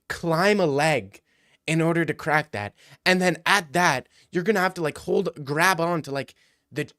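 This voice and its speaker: A man's voice: fairly high pitch, fairly bright tone, no echo, clean studio sound. A young man rambling through crude comedic riffs, laughing as he goes.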